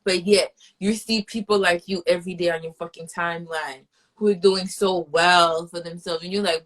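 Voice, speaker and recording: A woman's voice: fairly low pitch, fairly even intonation, moderate pace. Profane fired-up woman ranting. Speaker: host. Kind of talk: casual chat.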